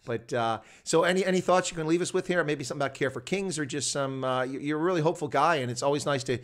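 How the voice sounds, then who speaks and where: A man's voice: on the high side, fast talker. A man hosting a casual interview show, chatty and enthusiastic, rambling as he talks. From United States. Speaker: host.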